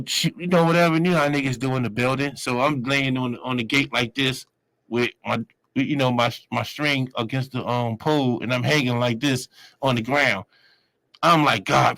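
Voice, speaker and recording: A guest in his forties tells a long street story in loose slang, rambling and circling back casually. He breaks into sudden high yells when acting out other people. The rough recording is close and dry, with no room sound.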